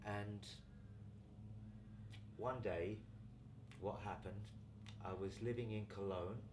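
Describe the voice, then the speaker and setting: A deep-voiced older man from England recounts his journey in a reflective, unhurried way. He sits some distance from the mic, and a clear background noise runs under his voice. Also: fairly even intonation. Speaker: guest, community founder. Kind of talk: relaxed storytelling interview.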